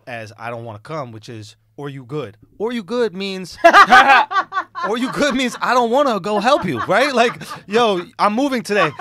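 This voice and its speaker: A man in his thirties, a podcast co-host, telling a comic story in an animated, slangy way and acting out the quotes. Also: high-pitched. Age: 30s.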